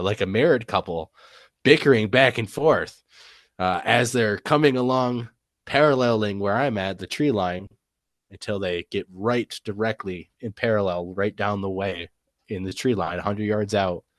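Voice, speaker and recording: A man's voice: lowish voice, animated, a little slow, dry recording, studio quality. A man telling his own encounter story as a guest, rambling, with lots of fillers and trailing "and stuff". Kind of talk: casual storytelling.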